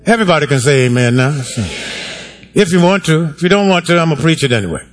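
A man preaching in a church sanctuary, his voice sitting a little higher than most men's. He talks to the congregation in a wry, conversational way and draws them in with questions. The delivery is a sermon, not a lecture. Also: animated, fast. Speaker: pastor.

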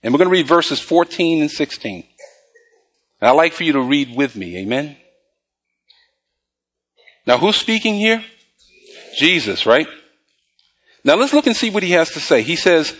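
A male preacher giving a sermon, quizzing the congregation with call-and-response questions and reading scripture slowly. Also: on the high side, big pitch swings, a bit bright, breathy edge.

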